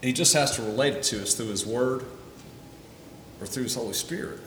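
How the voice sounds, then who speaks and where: Man, pastor, sermon, earnest, stammered restarts, distant mic, long church reverb, faint rumble. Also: fairly quick, a bit bright. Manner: earnest, repeats words when starting phrases. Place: church sanctuary. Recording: roomy hall, from a distance.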